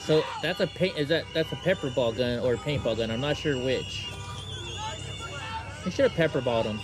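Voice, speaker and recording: A man's voice: medium pitch, brisk, over music. A man hosting a casual show, commenting on news clips with sarcastic asides. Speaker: host reacting to clips.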